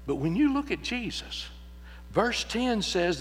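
A male preacher drives his point home with rolling repeated phrases, then drops into folksy storytelling. His voice sits high and rings in the long reverb of a church sanctuary. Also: big pitch swings, unhurried. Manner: emphatic, repetitive build-ups rising to shouts. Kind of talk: sermon.

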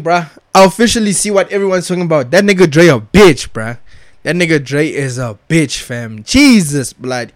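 A young man reviewing a TV show rants casually into a dry, close mic with no room sound, his voice pitched a touch high. He talks at a moderate pace, expressive, emphatic and restless, using thick slang, frequent swearing and repeated filler words addressing the listener.

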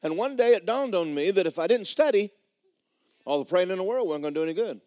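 A man's voice: sits high, lively intonation, fast talker, a little mellow, no echo, clean studio sound. A man preaching a sermon in a church, folksy and blunt, building to fervent emphasis. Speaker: pastor. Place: church sanctuary.

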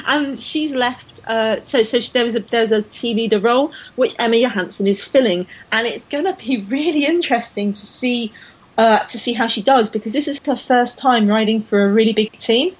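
A woman's voice: a little high, normal speed, husky, rough recording. A woman co-hosting a casual podcast chat, enthusiastic and full of fillers and restarts. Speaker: podcast co-host. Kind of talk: casual chat about women's cycling.

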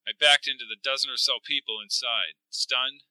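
A man narrating a first-person story in a measured, even storytelling voice. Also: medium pitch, clear, resonant tone, no room sound, low-quality recording.

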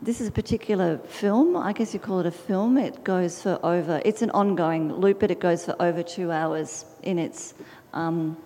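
A woman artist speaks about her sculpture, feeling her way through restarted phrases and ums. Her voice is lowish and dark in tone, and a long hall reverb hangs around her words. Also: normal speed, slight background noise. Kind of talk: public talk about her artwork.

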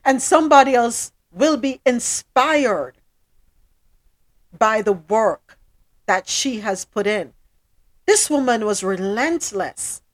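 A woman's voice: a little high, lively intonation, takes it slowly, long pauses. A woman co-hosting a casual panel chat, emphatic and preachy, repeating her phrases for effect. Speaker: podcast co-host.

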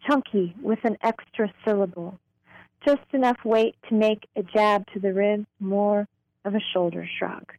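A woman, a poet, reading her own poems aloud in a slow, deliberate way. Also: mid-range voice, a little mellow, dry recording, rough recording. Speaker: poet guest.

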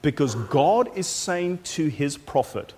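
A pastor preaching a sermon with animated, emphatic storytelling and frequent repetition. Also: male voice, on the high side, slow pace. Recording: echoey hall.

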